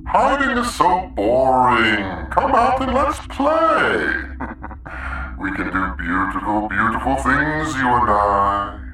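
A man acts out a menacing demon who taunts his prey in a lively, rising and falling voice, drawing out his words slowly. He sounds distant in a strongly echoing space. Music plays behind him. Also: medium pitch, exaggerated voice. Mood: taunting. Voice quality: mocking, sing-song threats, snarling shouts.

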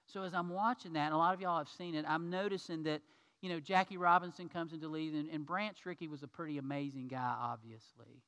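A man preaching a sermon to his congregation, telling a story in a lively way and acting out the people in it. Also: on the high side, fairly quick, clear, resonant tone. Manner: storytelling, acts out quoted people; addresses congregation as y'all. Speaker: pastor.

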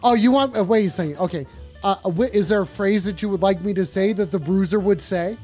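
A man's voice: high voice, brisk, darkish tone, faint music behind. A man hosting a casual call-in stream, rambling and joking with lots of swearing. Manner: profane, rambling, jokey. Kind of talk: casual crude call-in show.

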